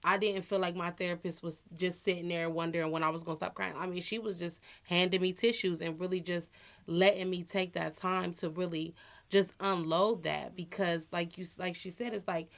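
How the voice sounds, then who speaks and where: A woman in her thirties with a slightly low voice, talking casually on a podcast. She tells personal stories in an earnest and reflective way, as a co-host would. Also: fairly even intonation, a little fast.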